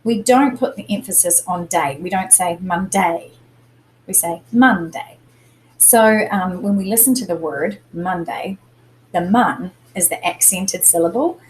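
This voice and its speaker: A woman's voice: fairly low pitch, moderate pace, slight background noise, low-quality recording. A woman teacher giving a recorded lesson to young students, speaking patiently and repeating example words to show where the stress falls.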